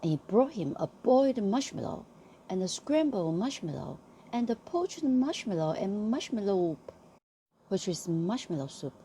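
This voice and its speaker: A woman reading a bedtime story aloud to a friend, slow and expressive. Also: medium pitch, a little hiss or hum.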